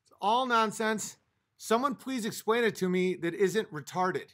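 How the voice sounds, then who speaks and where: With a high, slightly bright voice and lively intonation, a man takes his time as he reads his livestream chat. He argues with viewers in an exasperated, swear-filled rant, a little tipsy from a few drinks.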